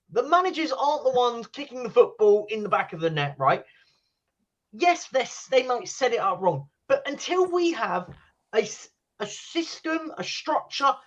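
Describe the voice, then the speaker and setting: A man's voice: very high-pitched, big pitch swings, normal speed, a bit bright. A man debates on a football stream, his emphatic, exasperated voice swooping up and down as he makes his case. He swears openly. The stream audio sounds muffled and lo-fi. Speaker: watchalong co-host.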